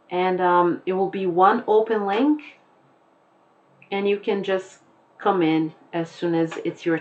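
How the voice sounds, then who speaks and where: A woman English teacher giving a recorded class lesson, explaining slowly and patiently with examples. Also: lowish voice, highs cut off.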